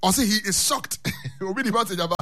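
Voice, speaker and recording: A man's voice: sits high, a little fast, sharp tone. A man preaching a radio sermon, switching between languages and chanting lines for his listeners to repeat. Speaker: radio pastor. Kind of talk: radio sermon with call and response.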